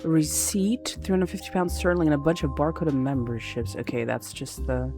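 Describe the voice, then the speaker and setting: A woman's voice: sits low, lively intonation, normal speed, music in the background. A woman streamer in casual gameplay commentary, jokey and giggly as she thinks aloud. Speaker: gaming streamer.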